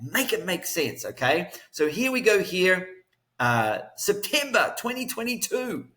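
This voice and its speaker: A man's voice: high voice, big pitch swings, a little slow, sharp tone. A man hosting a crypto trading show, talking in a chatty, upbeat way with strong rhythmic emphasis. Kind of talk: casual market commentary.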